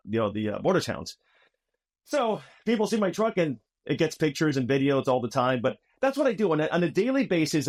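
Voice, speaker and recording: A man, a podcast guest who hosts a trivia show, talking energetically from his home recording studio and calling people dude and my friend. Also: a little high. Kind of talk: lively storytelling conversation. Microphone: studio microphones overhead.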